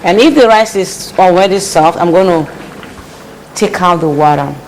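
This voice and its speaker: A woman's voice: lowish voice, moderate pace, a little mellow, a little hiss or hum, poor audio. A woman hosting a casual cooking vlog in her home kitchen, giving repetitive, preachy advice as she cooks. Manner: preachy, repeats phrases for emphasis. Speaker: host.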